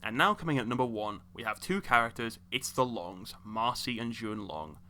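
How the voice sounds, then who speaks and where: Young man, bright and sharp voice, mid pitch, exasperated game commentary, scolding. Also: animated, normal speed, a little hiss or hum. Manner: exasperated ranting that scolds characters directly. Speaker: video host.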